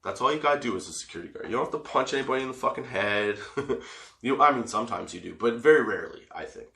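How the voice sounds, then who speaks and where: A man hosting a comedy podcast and telling a personal story, animated, swearing a lot and breaking into laughs as he acts out what people said. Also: mid-range voice, fast, creaky, echoey room. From Canada. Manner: animated, swearing, laughing often, acting out quotes. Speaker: podcast host.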